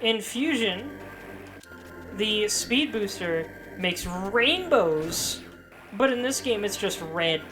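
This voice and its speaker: A woman's voice: medium pitch, lively intonation, takes it slowly. A woman casually commenting on her own playthrough of a game, talking to herself with playful asides. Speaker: gaming commentator. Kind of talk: casual let's-play commentary. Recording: game music behind voice. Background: game music.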